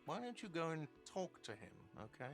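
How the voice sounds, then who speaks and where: A dismissive, sarcastic cafeteria manager in his late twenties, his voice pitched a bit high. Clear music runs behind him in the game audio. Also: very animated, normal speed. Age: late 20s.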